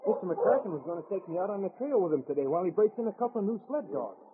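An eager young boy who is crazy about dogs for a 1950s radio play. His high voice bounces with excitement. It comes through a hissy, narrow old radio recording. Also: rapid-fire. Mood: pleading. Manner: eager, breathless, polite. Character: eager dog-loving boy. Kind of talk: 1950s radio drama acting. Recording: lo-fi old radio broadcast with noise.

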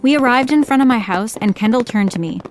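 A woman narrating a first-person story in a plain, steady reading voice. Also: a little high, fast, soft background music.

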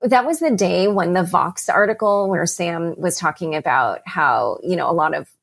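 Brief: woman host asking questions, gravelly low voice, loose conversational delivery. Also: expressive, moderate pace. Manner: conversational, hesitant with fillers. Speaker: interviewer. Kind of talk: casual interview chat.

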